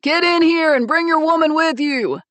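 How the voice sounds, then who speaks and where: A woman's voice: high-pitched, very animated, normal speed, fairly bright tone, dry recording, voice pushed up. A woman voicing a huge, teasing male police officer who bellows his lines. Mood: bellowing.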